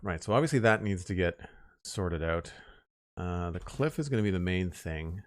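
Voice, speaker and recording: A deep-voiced man talking casually to his stream chat as he plays, relaxed and chatty. The sound is close and dry, with no room around it. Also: moderate pace, no room sound. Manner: relaxed, chatty, talks to chat while building. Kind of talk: casual live-stream chat while playing.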